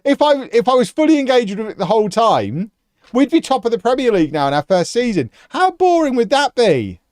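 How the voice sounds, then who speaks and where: A man's voice: very high-pitched, dry recording, clean studio sound. A man and football commentator chatting sarcastically to his viewers on a live stream while playing, often laughing. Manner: sarcastic, animated, quick to laugh.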